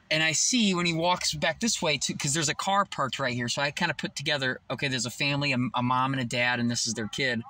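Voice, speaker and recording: A young man vlogging outdoors beside his car, telling a rambling, excitable story and swearing freely. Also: medium pitch. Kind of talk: casual vlog storytelling. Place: outdoors by a tree near his parked car.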